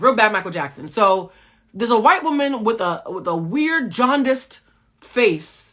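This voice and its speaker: A woman hosting a pop-culture recap, sassy and talking straight to her viewers, swinging between loud exclamations and a soft, low voice. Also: big pitch swings, a little slow. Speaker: host and cultural critic.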